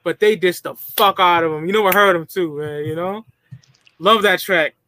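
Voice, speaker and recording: Podcast cohost dude, kinda high bright voice, hyped and swearing a lot. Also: male voice, moderate pace. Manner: enthusiastic, profane, laughs often. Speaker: podcast co-host. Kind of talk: casual chat.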